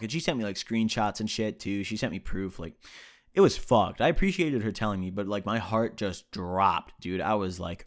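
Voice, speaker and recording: Slangy, low-voiced young man telling a story. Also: normal speed. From United States. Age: young adult. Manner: slangy, profane, animated storyteller acting out his own reactions. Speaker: vlogger. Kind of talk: casual storytelling to camera.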